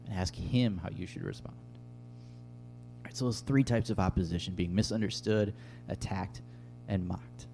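A man's voice: sits low, gravelly, warm tone. A man preaching a sermon as a youth pastor, earnest and conversational, with filler words. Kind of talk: sermon with personal story.

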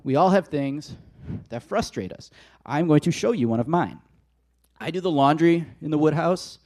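A man preaching a conversational sermon, telling the story in a casual, animated way. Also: a little high, normal speed.

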